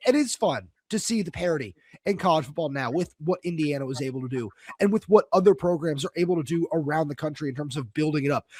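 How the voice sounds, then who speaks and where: A man with a notably high voice co-hosts a sports podcast, his speech dry and close with no room sound. He rants in an exasperated, fed-up way. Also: no echo. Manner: exasperated ranting. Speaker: podcast co-host. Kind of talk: casual sports talk.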